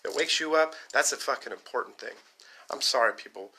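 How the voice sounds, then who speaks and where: Rambling, profane man with a bright voice. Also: on the high side, sing-song. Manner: rambling, profane, fast-talking. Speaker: vlogger. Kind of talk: casual rant to camera.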